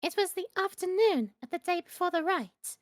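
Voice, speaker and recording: A woman's voice: extremely high pitch, expressive, normal speed. A woman voicing a haughty, imperious young princess priestess in stiff, formal speech while reading game dialogue with friends. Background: game music.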